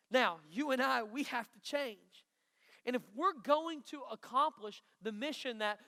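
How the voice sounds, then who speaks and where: A man preaching a lively youth sermon from a stage, emphatic and joking with the students. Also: very high-pitched. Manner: energetic, emphatic, bantering with the audience. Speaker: youth pastor. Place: stage in a large hall before a student crowd. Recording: long hall reverb.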